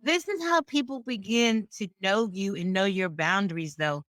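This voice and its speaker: A woman's voice: medium pitch, moderate pace, a bit bright, no room sound, studio quality. Emphatic woman podcast co-host. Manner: emphatic, repeats words as she builds a point. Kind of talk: casual podcast chat.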